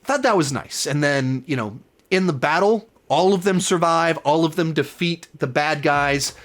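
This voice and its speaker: A man's voice: fairly high pitch, normal speed, fairly bright tone. A man hosting a casual spoiler review, talking with enthusiasm in a rambling way and often correcting himself mid-sentence. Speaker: film review host.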